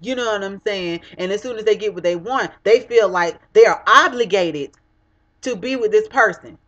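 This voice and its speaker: A woman's voice: medium pitch, moderate pace, a bit bright. A young woman delivering a heated, profane vlog rant straight to the camera, blunt and cutting. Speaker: vlogger. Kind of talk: ranting vlog monologue. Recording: dull lo-fi webcam audio.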